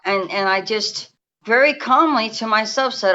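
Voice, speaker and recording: Bright-voiced New woman in her fifties. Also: medium pitch, moderate pace, muffled recording. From New York. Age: 50s. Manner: rambling, restarts often, speaks in a confiding way. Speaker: guest energy healer. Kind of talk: casual storytelling interview. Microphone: remote call.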